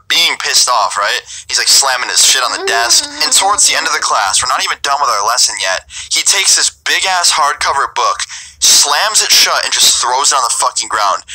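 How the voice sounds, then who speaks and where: A young man telling a storytime anecdote in a casual vlog, animated and full of swearing. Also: medium pitch, poor audio. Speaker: YouTuber.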